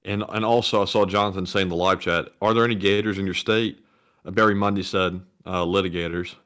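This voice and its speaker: A man's voice: low voice, steady tone, brisk, a bit bright, clear, resonant tone. A man with a Southern US accent co-hosting a casual livestream, reading viewer messages in an easygoing, wry way. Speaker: co-host reading super chats.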